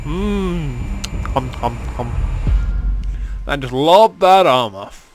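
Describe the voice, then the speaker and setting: A man's voice: fairly high pitch, expressive, drawn-out words, a little hiss or hum, poor audio. A man giving crude, sarcastic, joking commentary while playing a game. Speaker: let's play gamer. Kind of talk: casual gaming commentary.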